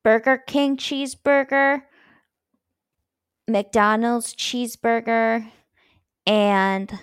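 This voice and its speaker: A woman's voice: a little high, steady tone, extremely slow, clean tone, no room sound, clean studio sound. A woman co-hosting a podcast, easygoing and easily distracted in casual chat. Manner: easygoing, distractible, laughs often. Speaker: podcast co-host.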